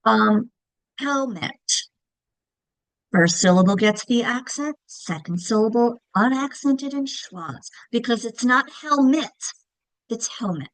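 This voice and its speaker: Woman teaching reading, kinda high voice, patient, says okay and right a lot. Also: unhurried, hardly any pauses, no echo, poor audio. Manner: demonstrates words by whispering, clapping and calling out. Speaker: reading instructor. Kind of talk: teacher training lesson.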